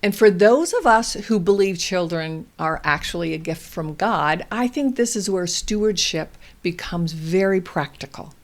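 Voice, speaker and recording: A woman hosting a parenting show, giving calm, deliberate instructional advice to parents. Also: on the low side. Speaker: parenting host.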